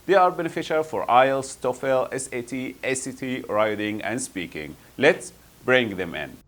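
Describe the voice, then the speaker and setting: A man teaching English vocabulary, saying each word slowly and repeating it to model pronunciation. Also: medium pitch, fairly bright tone, a little hiss or hum. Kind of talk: vocabulary lesson.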